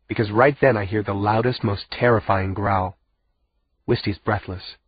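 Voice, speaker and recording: A man's voice: fairly low pitch, fairly even intonation, normal speed, slightly rough, lo-fi sound. A man narrating a first-person audiobook in a tense, dramatic way.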